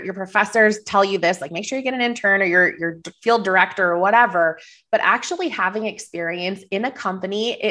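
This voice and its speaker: A woman's voice: mid-range voice, a bit bright. A woman from Minnesota with a light Minnesota accent and a slight cold, giving earnest, encouraging advice as a podcast guest. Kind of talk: casual interview answers.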